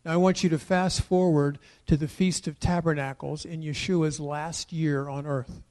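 A middle-aged man preaching a sermon, emphatic and building to loud declarations. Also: on the high side, steady tone, normal speed. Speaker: pastor.

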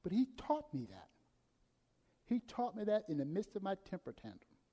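A man delivering a sermon in a fairly high but mellow voice. He swings from loud, urgent emphasis down to near-hushed passages. A long reverb trails each phrase. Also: wildly swooping pitch, moderate pace. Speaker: preacher.

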